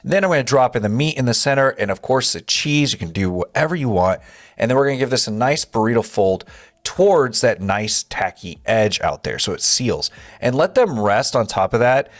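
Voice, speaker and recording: A young man hosting a home cooking video, walking through each step in a relaxed, chatty way. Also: mid-range voice, moderate pace, no echo, clean studio sound. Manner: relaxed, step-by-step instructions with frequent "gonna go ahead". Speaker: home cook and channel host. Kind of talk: casual cooking walkthrough. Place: home kitchen.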